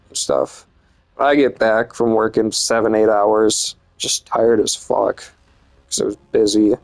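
Young dude telling a storytime, swears a ton, says like constantly, middle pitched voice. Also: male voice, a little mellow, rough recording. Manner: rambling and profane, lots of fillers. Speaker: vlogger. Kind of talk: casual storytime monologue.

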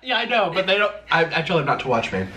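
A man's voice: fairly high pitch, very animated, fast talker, bright, forceful tone, a little hiss or hum. A man hosting a mukbang, chatting and giggling between bites. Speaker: mukbang host. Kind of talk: casual mukbang chat while eating.

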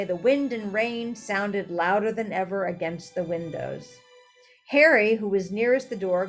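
A woman narrating a children's fantasy story aloud, reading expressively and occasionally correcting herself. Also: mid-range voice. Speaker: audiobook reader.

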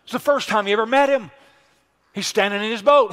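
A man preaching a sermon as pastor, emphatic, swinging from hushed lines to loud exclamations. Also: high voice, brisk, smooth.

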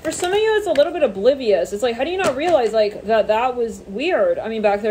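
Woman, tarot reader, rambling, fillers, casual swearing, higher voice. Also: very animated, fast, hardly any pauses, warm tone, slight background noise. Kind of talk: casual channeled tarot reading.

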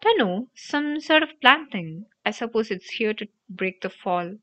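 A woman's voice: fairly high pitch, animated, unhurried, pushed and bright. A woman reading an audiobook, voicing a brave eleven-year-old boy wizard who speaks urgently and breathlessly when in danger. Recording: dry, dull lo-fi audio.

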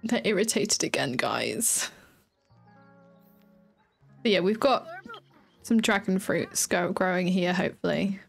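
A woman's voice: on the low side, animated, slow pace, gravelly, long pauses, slightly rough, soft background music. A tired woman with a chatty, giggly, rambling manner, casually commenting on her gameplay as a streamer.

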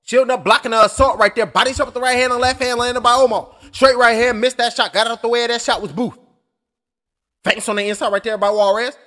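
A man giving live blow-by-blow boxing commentary, reeling off punches in quick clipped phrases, loose and joking with profane asides. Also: very high-pitched, fairly even intonation, bright, forceful tone. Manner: loose, joking and profane, breaks into tangents and laughs.

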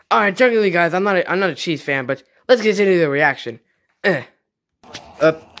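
A man's voice: high voice, lively intonation, moderate pace, pauses often, fairly bright tone. A young man hosting a sports reaction video, exclaiming and repeating himself in disbelief. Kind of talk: excited sports reaction commentary.

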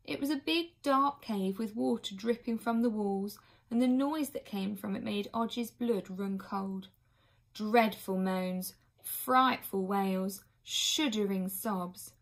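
A woman reading a children's book aloud expressively, now and then pausing for an aside to her listeners. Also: on the high side, creaky. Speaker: reader.

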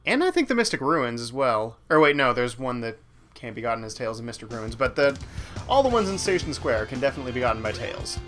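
A man's voice: medium pitch, very animated, quick pace, fairly bright tone. Rambling, self-mocking gameplay commentator, man. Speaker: let's play host. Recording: game music playing underneath. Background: game music.

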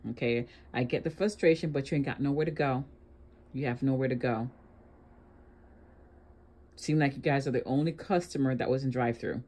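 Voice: medium pitch, moderate pace, pauses often, a little mellow. Sarcastic reaction host lecturing. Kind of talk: reaction commentary.

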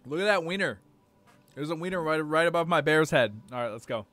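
A young man with a bright, forceful voice pitched a little high, streaming a game live. He chatters, swears and yelps at what happens on screen. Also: a little fast, no echo, faint music behind. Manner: excitable, swearing, reacting loudly to the game.

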